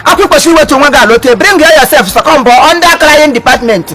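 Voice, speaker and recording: A man with a Nigerian accent performing a comedy skit as an uncle, loud and theatrical, stammering and wailing. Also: very high-pitched, fast, low-quality recording. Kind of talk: comedy skit, mixing Igbo and pidgin English. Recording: music playing behind.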